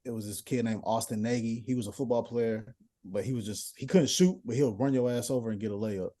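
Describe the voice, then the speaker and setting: A young man, a podcast guest, telling animated stories in casual chat and swearing often. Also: medium pitch, brisk. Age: young adult.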